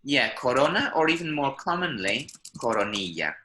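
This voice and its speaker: Male language teacher, bright tone, checks in with students often. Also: medium pitch, very animated, moderate pace, slight background noise, poor audio. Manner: patient, explains and checks understanding. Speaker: Spanish teacher. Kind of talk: online language lesson. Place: online class, speaking from Medellín. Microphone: video call.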